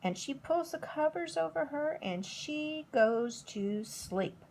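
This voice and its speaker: A middle-aged woman, a preschool teacher, slowly telling a story to toddlers. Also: high-pitched, slight background noise. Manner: slow, expressive storytelling.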